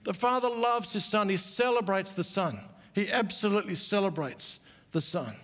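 High-voiced pastor preaching in a hall. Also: male voice. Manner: earnest, slow emphatic stresses with warm asides. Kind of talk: sermon. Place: church auditorium. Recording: echoey church hall.

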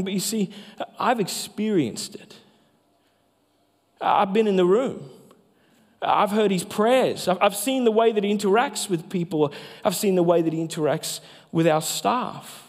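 A man, a pastor, preaching a sermon with emphatic delivery that slows down for key phrases. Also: sits high. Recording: long hall reverb.

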